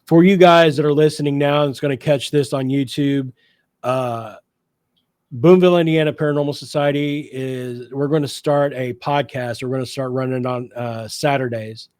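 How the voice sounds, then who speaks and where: A man's voice: mid-range voice, fairly even intonation, moderate pace, a little mellow, no echo. A man talking casually on a radio show about paranormal investigations, upbeat and rambling with many fillers. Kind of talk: casual chat.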